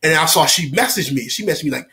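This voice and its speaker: A man's voice: fairly high pitch, fast talker. A man telling a story to camera in a casual, rambling way, repeating himself, using lots of slang and laughing often. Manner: slangy and animated.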